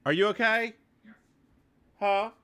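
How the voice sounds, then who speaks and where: A man's voice: sits high, takes it slowly, sharp tone, clear, resonant tone. A man co-hosting a podcast, chatting casually and laughing often while recapping a TV episode. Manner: chatty, laughs often, playful put-on voices. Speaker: podcast co-host.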